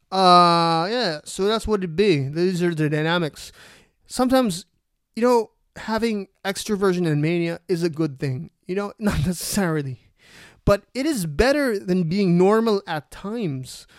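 A man's voice: high voice, no room sound. Rambling, profane man hosting a podcast. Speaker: podcast host. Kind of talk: casual solo podcast monologue.

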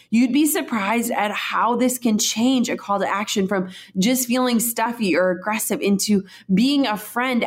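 A woman hosts a podcast in a relaxed, conversational way. She talks like she is chatting with a friend, encouraging and easygoing, with a middle-range voice. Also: mid-range voice. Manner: chatty and encouraging, with fillers like "y'all". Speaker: podcast host.

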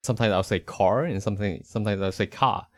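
Speaking rapid-fire in a fairly low, darkish, level-toned voice, a Northeastern American man with a faint Rhode Island accent co-hosts a podcast. He rambles in an easygoing way and often corrects himself.

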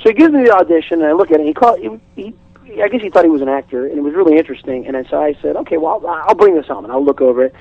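A comedian guest on a radio talk show, a man telling an animated, chatty story and restarting his sentences often. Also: a little high, racing, vocal fry, no echo, dull audio. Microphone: studio microphone.

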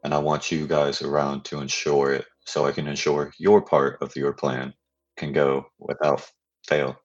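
A man's voice: rumbling low, level tone, measured pace, lo-fi sound. A man playing a character in a tabletop role-playing game, speaking earnestly in character. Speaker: player.

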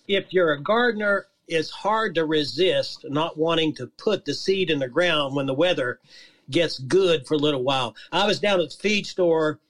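A man with a slightly higher voice talks through gardening and bee stories at an easy pace. He tells his anecdotes calmly, like a seasoned grower. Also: normal speed. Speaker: beekeeper and gardening guest. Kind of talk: casual chat.

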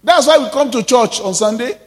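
A man's voice: extremely high pitch, lively intonation, a little fast, big-room sound. A man preaching a sermon as pastor, stressing and drawing out words and calling out to the congregation.

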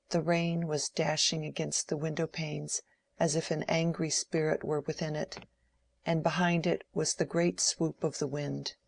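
A woman reading a classic novel aloud as an audiobook narrator, in a measured, steady way. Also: deep voice, gravelly, dry recording. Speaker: audiobook reader. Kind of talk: scripted narration.

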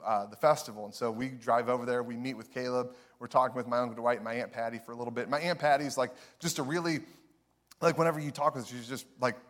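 A young man preaching a sermon, telling a story with animated energy, often laughing. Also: medium pitch. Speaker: pastor.

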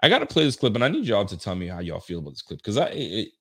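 A man doing casual reaction commentary as a sports fan, excitable and ranting, laughing often. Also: fairly low pitch, very fast, slightly rough.

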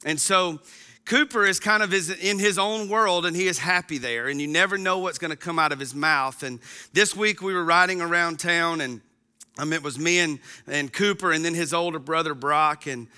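A man's voice: a little high, normal speed, sharp tone, clear, resonant tone. A man in his thirties giving a casual, folksy sermon as a pastor to an online congregation, chatty with frequent ums.

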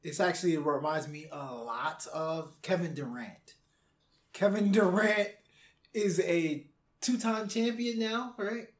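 A man's voice: high-pitched, unhurried, reverberant. A man co-hosting a music podcast in casual chat, building his points reflectively with frequent "you know". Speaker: podcast co-host.

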